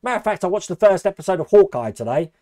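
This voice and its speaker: A man's voice: high-pitched, big pitch swings, rapid-fire, warm tone. An older man from Australia with a mixed Australian and Essex English accent, hosting a live stream and chatting casually as he answers viewers' comments by name.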